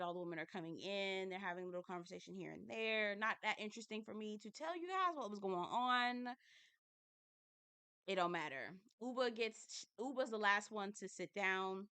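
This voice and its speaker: A woman's voice: medium pitch, sharp tone, clear, resonant tone, no echo. A woman recapping a reality show in a casual, candid and chatty way, swearing now and then.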